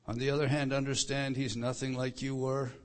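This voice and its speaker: In a level tone and at a brisk pace, a middle-aged man preaches as pastor. He is emphatic, rising loud to stress scripture before dropping low and quiet.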